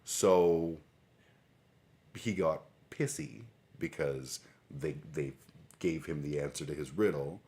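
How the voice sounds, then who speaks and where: A man's voice: very deep voice, lively intonation, slow, darkish tone. A man hosting a livestream, reading scripture aloud and adding sarcastic, irreverent, rambling commentary. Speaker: livestream host.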